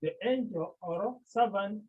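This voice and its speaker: A teacher giving a class lecture, speaking slowly and deliberately and sounding out words syllable by syllable, with questions put to the class and then answered. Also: medium pitch, husky. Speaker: Greek teacher. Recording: tinny phone-like online class audio.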